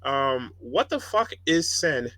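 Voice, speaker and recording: A man's voice: mid-range voice, very animated, slow pace, pushed and bright, full character voice. A man voicing a shaken group of young students who ramble in disbelief. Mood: stunned.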